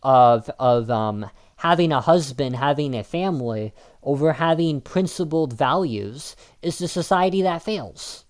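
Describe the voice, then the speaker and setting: A man's voice: a little high, expressive, unhurried, hardly any pauses. A man delivering an argumentative opinion monologue in a combative manner, with frequent restarts and filler ums. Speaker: video commentator.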